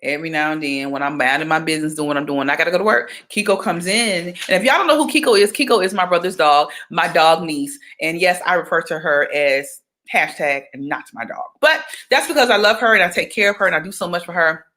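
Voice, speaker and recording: A young woman from Georgia, chatting casually on a livestream, animated and talkative. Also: fairly low pitch, fairly quick, hardly any pauses. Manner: chatty, animated, breaks into sung exclamations. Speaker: livestream host.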